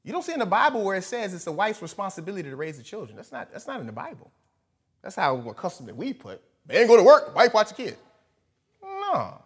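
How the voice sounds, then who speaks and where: A man preaching a sermon, animated, moving between loud emphatic lines and soft asides, often laughing. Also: high voice, fast, slightly rough. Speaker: pastor.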